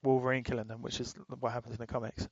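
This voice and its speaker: Rambling man, flat delivery. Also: mid-range voice, racing, no echo, lo-fi sound. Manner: rambling, swears freely, laughs while retelling. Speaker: podcast co-host. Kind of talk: casual chat.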